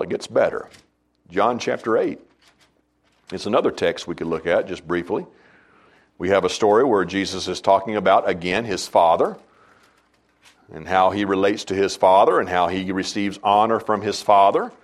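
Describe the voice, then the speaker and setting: A man preaching a sermon as pastor, emphatic, his voice swinging between loud high stresses and low quiet asides.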